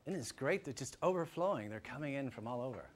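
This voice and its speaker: A man giving a public lecture to a live audience, animated and emphatic, swinging from loud points to hushed asides. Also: medium pitch, fast talker, a little hiss or hum. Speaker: guest lecturer.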